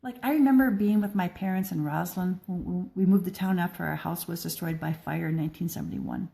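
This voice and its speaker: Older woman, warm and soft-toned, sincere, unpolished personal talk with restarts. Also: fairly low pitch, a little fast, gravelly. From American Midwest. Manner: gentle, earnest, with frequent restarts. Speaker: blogger and speaker.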